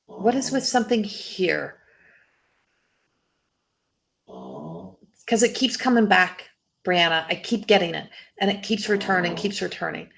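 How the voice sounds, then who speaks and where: A woman's voice: on the low side, big pitch swings, moderate pace, gravelly, fairly bright tone. A woman doing a live psychic reading as a medium, talking in a rambling way, breaking off and restarting her sentences, and laughing often.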